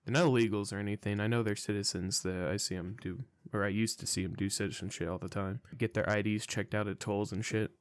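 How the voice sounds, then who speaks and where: A man's voice: on the low side, fairly even intonation, fast talker, few pauses, clear, resonant tone, dry recording, studio quality. A young man telling a rambling, profane story in a casual vlog monologue, sounding incredulous. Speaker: storytelling vlogger.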